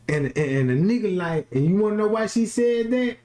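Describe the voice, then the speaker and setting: A young man rants on a livestream in an animated, joking way. He keeps dropping into mocking impressions. The room around him has a roomy echo. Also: sits high, a little fast, hardly any pauses. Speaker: livestream host. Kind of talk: casual livestream rant.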